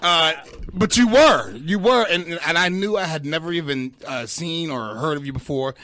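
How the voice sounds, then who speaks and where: Profane, animated man with a dry close sound. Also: fairly high pitch, normal speed, no room sound. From Pittsburgh area. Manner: animated, profane, laughs a lot, repeats words. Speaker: podcast guest, stand-up comic. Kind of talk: casual chat.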